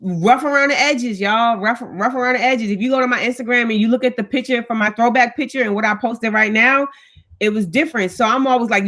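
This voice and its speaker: A woman's voice: fairly high pitch, fast talker. Woman, thirties, live-stream host; direct, hard-edged casual talk. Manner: talks with her hands, blunt and animated, reads viewer comments. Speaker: vlogger, stay-at-home mom. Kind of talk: casual live chat with viewers.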